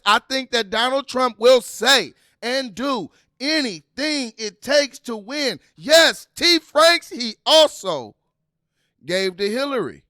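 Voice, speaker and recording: A man doing casual, animated livestream commentary, reading news aloud and laughing with his viewers. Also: very high voice, slow pace, dry recording, studio quality. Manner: animated, laughing, talks to viewers as "you guys"; reads news aloud while scrolling. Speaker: political commentary vlogger.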